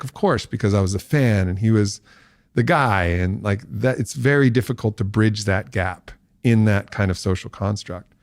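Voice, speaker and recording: A man's voice: fairly low pitch, darkish tone, dry recording, studio quality. A man as a podcast guest, telling a long story and acting out the voices of people he quotes.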